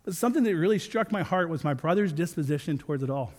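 A man's voice: fairly high pitch, expressive, fast, a little mellow. A man in his thirties preaching a sermon as a pastor, earnest with joking asides. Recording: long reverb of a large hall.

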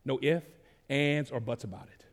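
A man from Dallas, preaching a sermon in a relaxed, conversational way, with casual slang and sudden rises in volume. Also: mid-range voice, moderate pace. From Dallas, Texas. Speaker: pastor. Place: church sanctuary. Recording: long reverb of a large hall.

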